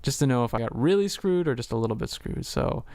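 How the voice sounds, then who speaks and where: A man talks fast in a medium-pitched, darkish voice with lively intonation, recorded dry. During a casual home livestream he uses lots of fillers and some profanity, voicing both sides of a conversation he's retelling while his keyboard clicks in the background.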